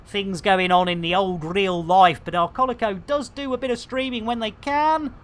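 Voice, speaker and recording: A woman's voice: mid-range voice, moderate pace. A middle-aged woman, chatting and joking her way through a live game stream in slangy banter.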